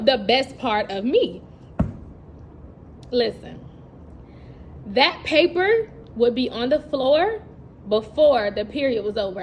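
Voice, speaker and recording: A young woman talks in a chatty, animated vlog, laughing as she goes and acting out little scenes from her classroom. Her voice sits a bit high, and a faint hiss runs under it. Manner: animated, chatty storyteller who laughs often and acts out classroom moments. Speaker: teacher and vlogger. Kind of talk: casual vlog monologue.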